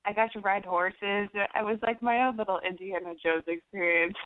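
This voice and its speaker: A young American actress chatting in an interview, rambling with lots of fillers and restarts. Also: female voice, mid-range voice, moderate pace, no echo. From United States. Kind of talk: casual interview chat. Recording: dry tinny phone-like sound.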